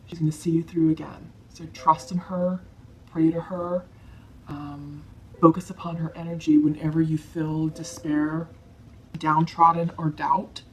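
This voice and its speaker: A low-voiced woman with a gravelly edge reads tarot cards for her viewers. She speaks softly and reassuringly, often moved by what she sees. A faint hiss sits under her voice. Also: flat delivery, unhurried. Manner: soft-spoken, emotional, reassuring. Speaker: tarot reader. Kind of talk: tarot card reading to camera.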